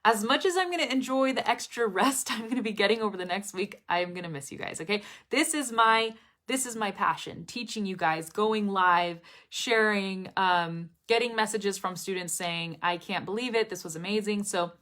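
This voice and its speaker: A woman's voice: medium pitch, normal speed, a bit bright. A woman teaching an English lesson live online, chatty and enthusiastic as she talks to her students and reads out their comments.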